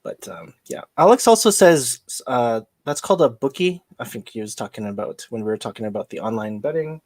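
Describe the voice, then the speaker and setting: A woman's voice: a bass voice, animated, fairly quick, a little mellow. A woman co-hosting a podcast in casual chat, laughing often, retelling stories with quoted dialogue, and reading out listener comments.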